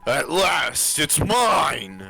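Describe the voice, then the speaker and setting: A bold little puppy hero with a sharp, gravelly bark of a voice that leaps wildly up and down. He talks in dramatic exclamations, all pluck and bluster, in a live storybook read-along. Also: on the high side, sing-song, drawn-out words, soft background music, exaggerated voice. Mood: triumphant. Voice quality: gravelly, bright, swooping. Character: peppy scrappy little male puppy hero. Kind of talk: live group story reading.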